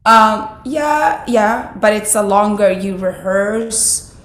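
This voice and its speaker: A woman with a raspy, husky, slightly broken voice, speaking English as a second language in a casual interview, reflective and full of "like" fillers. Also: mid-range voice, expressive, slow pace. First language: not English. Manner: reflective, many "like" fillers, restarts. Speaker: actress, interview guest. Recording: roomy sound with faint background ambience.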